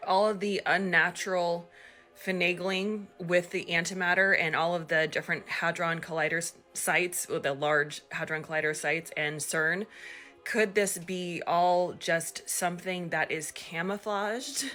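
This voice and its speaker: A woman with a low-set, bright, forceful voice delivers an earnest, ominous monologue straight to camera. She keeps posing dramatic questions. Faint music runs underneath her. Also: steady tone, unhurried.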